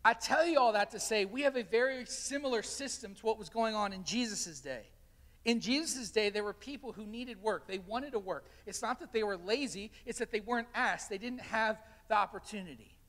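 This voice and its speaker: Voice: medium pitch, brisk, fairly bright tone, in a large hall. A pastor preaching a sermon, telling stories and animatedly acting out the quotes. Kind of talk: sermon with storytelling. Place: church sanctuary.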